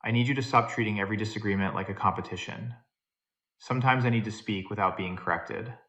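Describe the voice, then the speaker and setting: A man voicing a nervous husband who speaks haltingly and with strain, in a low, plain voice. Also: steady tone, a bit bright, muffled recording, close to an everyday voice. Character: anxious, unheard married man finding his voice.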